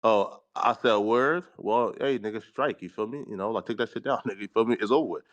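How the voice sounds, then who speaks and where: Rapid-fire and lowish in pitch, a man on a podcast panel keeps up a casual, rambling chat full of slang and profanity, leaning on fillers like "right" and "you feel me." It's a muffled recording.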